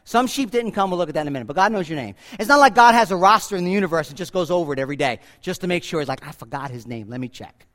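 A man preaching a sermon to his congregation, swinging from loud, emphatic peaks to quiet asides. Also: high-pitched, expressive, racing, hardly any pauses. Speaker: pastor. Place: church.

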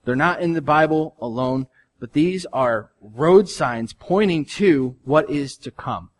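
A male pastor preaching a sermon in an earnest, conversational way, his voice swinging from soft to loud. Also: a little high, expressive, takes it slowly.

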